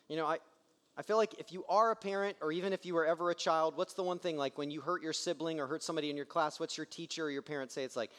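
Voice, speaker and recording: A man's voice: fairly high pitch, fast talker, in a large hall. A man in his thirties preaching a sermon, telling family stories and acting out the voices of the people in them. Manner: animated storytelling, acts out quoted voices. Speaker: pastor.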